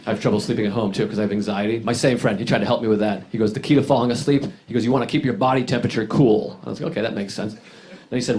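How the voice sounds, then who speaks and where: A man performing a stand-up comedy set on a club stage, deadpan and self-deprecating, dropping his voice low for wry asides. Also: racing. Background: audience laughter.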